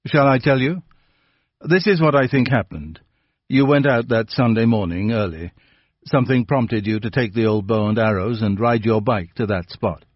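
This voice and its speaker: A man voicing a calm, patient older police inspector who lays out his reasoning steadily. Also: mid-range voice, no echo, muffled recording, close to an everyday voice. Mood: probing. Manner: measured, quietly probing.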